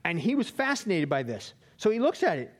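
Bible class teacher, male, high voice, casual conversational delivery. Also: big pitch swings, a little fast. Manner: chatty, checks in with listeners with "right?".

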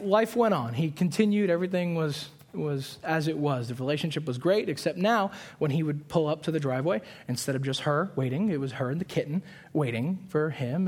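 Young man preaching with lively storytelling. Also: fairly high pitch. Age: 20s. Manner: storytelling with animated put-on voices and quick asides; earnest, repeats key lines for emphasis. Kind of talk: sermon.

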